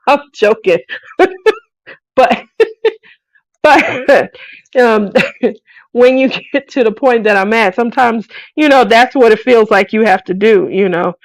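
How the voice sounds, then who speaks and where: A woman's voice: a little high, slow pace, long pauses, dry recording. A woman, hosting a craft live stream in casual chat, playful and laughing often as she reads out comments. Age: 40s. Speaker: craft channel host.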